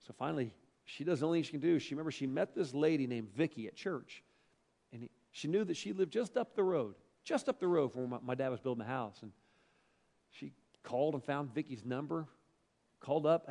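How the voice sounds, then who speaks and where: A middle-aged male pastor tells a personal story from the pulpit, animated and emphatic. His voice sits fairly high for a man and carries a gravelly edge. A long reverberant tail from a large hall follows his phrases. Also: fairly quick. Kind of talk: storytelling sermon.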